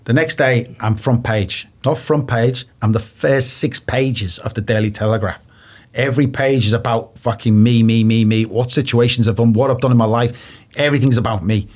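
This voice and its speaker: A man from England sits as a guest and tells his story in a blunt, plain way, swearing freely. His pitch sits in the usual middle range. He acts out the old phone calls in quoted voices as he goes. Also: steady tone, moderate pace, darkish tone. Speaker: interview guest. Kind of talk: casual storytelling.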